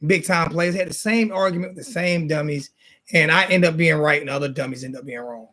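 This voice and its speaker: High-voiced guy ranting hard on a sports show, keeps repeating himself and insulting folks. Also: a little fast, pushed and bright. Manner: repetitive, insulting, fired-up ranting. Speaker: sports talk show host. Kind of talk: heated casual sports rant.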